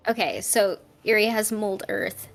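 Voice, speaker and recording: A woman takes part as a player in a tabletop game. She speaks slowly and thinks aloud with a hesitant, tentative manner. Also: medium pitch, vocal fry, soft background music.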